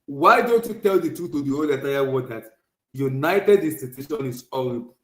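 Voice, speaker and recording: A man's voice: medium pitch, animated, brisk, fairly bright tone, reverberant, rough recording. A man hosting a podcast, ranting heatedly and repeating himself. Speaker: podcast host. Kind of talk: heated football rant.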